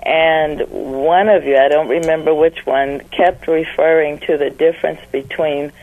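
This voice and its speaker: A woman calling in to a radio show, speaking in an earnest, deliberate way. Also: low voice, steady tone. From Northern California. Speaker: caller. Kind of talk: phone call to radio show. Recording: tinny phone line.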